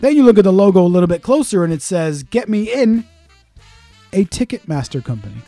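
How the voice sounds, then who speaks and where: A man's voice: high voice, big pitch swings, brisk, mellow, no echo, soft background music. A man co-hosting a podcast, telling a grumpy, profane story while in pain. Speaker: podcast co-host. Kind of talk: casual podcast chat.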